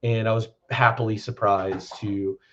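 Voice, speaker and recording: A man talks haltingly, searching for words as he chats casually. His voice comes through a computer's built-in mic and sounds dull and lo-fi. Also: fairly low pitch, steady tone, a bit bright. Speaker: podcast co-host. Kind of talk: casual chat.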